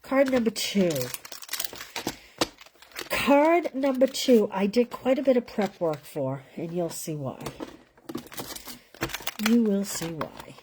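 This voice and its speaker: A woman's voice: mid-range voice, expressive, a little slow, pauses often, background noise. A woman hosting a live card-making class from home, chatting casually as she colors and assembles cards, often trailing off mid-sentence. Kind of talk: casual live craft demonstration.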